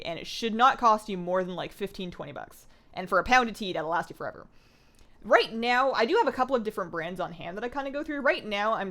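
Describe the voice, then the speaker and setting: A woman's voice: medium pitch, a bit bright. A young adult woman from Canada, chatting casually while streaming a game and reading viewer comments aloud. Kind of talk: casual livestream chat while gaming.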